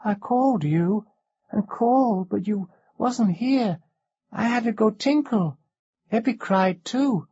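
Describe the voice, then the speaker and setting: A man's voice: sits high, slow pace, a little mellow, husky, no room sound, voice pushed up, heavily acted. A man reading an audiobook, voicing a small tearful, sulky boy who whines in childish grammar. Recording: dull lo-fi cassette recording.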